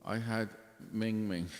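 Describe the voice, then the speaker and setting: A man's voice: on the low side, fairly even intonation, slow pace, a little mellow. A man who is a musician streaming live, chatting casually between songs and a little tipsy, rambling, swearing freely and talking to viewers by name. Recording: long reverb with guitar music behind.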